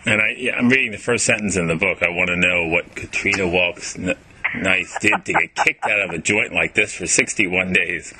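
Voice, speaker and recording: A man's voice: deep voice, normal speed, crowd noise, rough recording. A man interviewing an author on the radio, asking chatty, eager questions. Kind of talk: casual radio interview chat.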